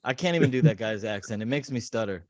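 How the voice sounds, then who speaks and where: A man's voice: mid-range voice, lively intonation, quick pace, darkish tone, no echo, clean studio sound. A man hosting a podcast, reading memes aloud in casual, mocking chat. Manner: sarcastic, mocking. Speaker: podcast host.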